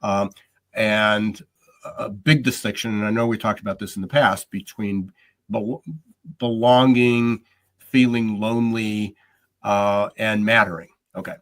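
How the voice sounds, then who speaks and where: A man hosting a podcast interview, talking in a rambling, halting way with many restarts. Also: lowish voice, fairly even intonation. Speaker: podcast host.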